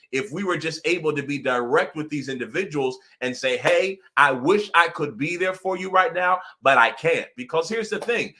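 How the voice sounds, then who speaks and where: Man, young adult, life coach, live-stream talk, bright tense voice, energetic, laughs often. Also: mid-range voice. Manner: energetic, calls out to viewers, laughs often, acts out little dialogues.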